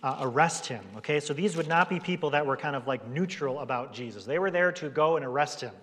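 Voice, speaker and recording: A man's voice: fairly high pitch, fast, fairly bright tone. Conversational preaching man in a reverberant hall. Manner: conversational preaching, acts out quoted voices. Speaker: pastor. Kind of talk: sermon.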